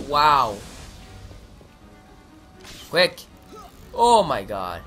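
A young man giving excitable let's play commentary, swearing and shouting at the game. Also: mid-range voice, very slow, long pauses, soft background music. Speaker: gaming commentator.

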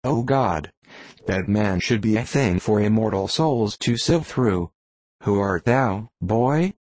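A man's voice: lowish voice, expressive, slow pace, a little mellow, dry recording. A man voicing an obsessed old sea captain in an audiobook, speaking in grand, archaic declamations. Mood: stern.

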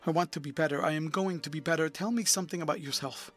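A man reading the part of an earnest, troubled young gentleman with a pleading delivery. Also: fairly high pitch, fast talker, close to an everyday voice.

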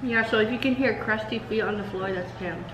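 A woman's voice: mid-range voice, echoey room, noisy background. A woman joining her sister for an eating video at home, making playful comebacks between bites. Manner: playful, quick comebacks, self-promoting. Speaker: guest, the host's sister. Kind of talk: casual mukbang chat. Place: family home during a meal.

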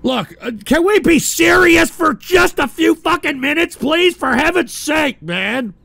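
A man hosting a radio show, ranting profanely and swinging between exasperated shouting and weary mumbling. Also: very high-pitched, lively intonation, unhurried, gravelly, no echo. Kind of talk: profane on-air rant.

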